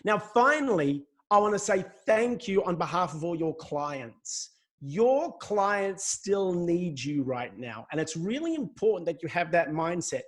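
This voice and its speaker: A man's voice: high-pitched, sing-song, a little slow. A middle-aged man with an Australian accent giving a jokey, chatty talk as a guest speaker on a webinar over a computer mic. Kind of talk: webinar presentation.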